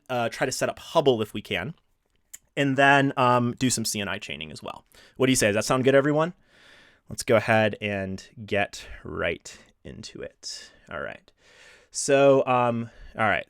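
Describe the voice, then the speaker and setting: A man's voice: medium pitch, no room sound, studio quality. A man hosting a live technical tutorial stream, chatty and self-deprecating, reading chat and thinking aloud with frequent restarts. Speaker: livestream host.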